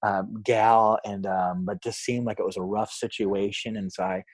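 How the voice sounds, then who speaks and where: Husky man telling a story. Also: on the low side, moderate pace, no echo, studio quality. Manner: animated, acts out quoted voices, frequent fillers. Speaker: pastor. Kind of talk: storytelling in a podcast interview.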